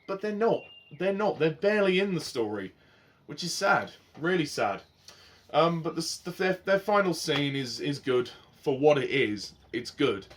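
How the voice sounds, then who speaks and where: A man giving a casual spoken review of a TV series, passionate and rambling, swinging between heated outbursts and softer reflective stretches. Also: a little high, big pitch swings, moderate pace, slight background noise.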